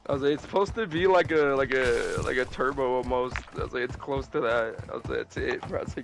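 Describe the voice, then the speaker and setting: A man's voice: mid-range voice, fast talker, vocal fry, few pauses. A young man streaming a game, chatting with friends and telling profane, joking stories in a drawling way. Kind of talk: casual gaming chat with friends.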